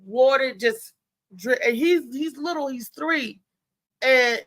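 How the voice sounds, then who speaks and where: A woman from Maryland hosting a live show, telling a story in a chatty, animated way and talking straight to her listeners. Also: sits high, slow pace, no echo. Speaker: show host.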